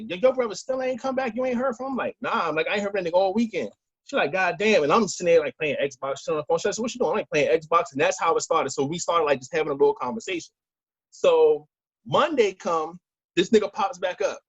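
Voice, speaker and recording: A man's voice: fairly high pitch, slightly rough, dry recording, muffled recording. A man telling a long story in a casual podcast chat, acting out phone calls as he goes. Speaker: podcast co-host.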